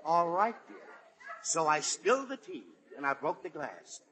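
A man's voice: on the high side, very animated, measured pace, a bit bright, slight background noise, poor audio. An actor playing a weary, irritable middle-aged father in an old-time radio sitcom, sighing in exasperation. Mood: exasperated weary. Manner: exasperated, sighs "oh, me".

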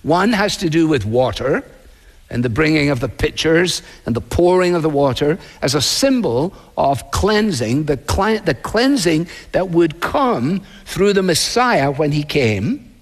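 A man preaching in a church, his voice sitting on the high side and talking through a sermon in an earnest, conversational way. Rhetorical questions keep it moving, and a long reverb trails each phrase across the large hall. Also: very animated, unhurried. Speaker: pastor.

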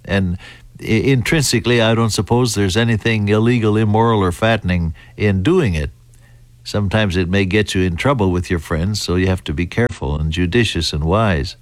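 An American man preaching a Bible teaching in a deliberate, halting way, with fillers and restarts. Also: fairly low pitch, no echo. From United States.

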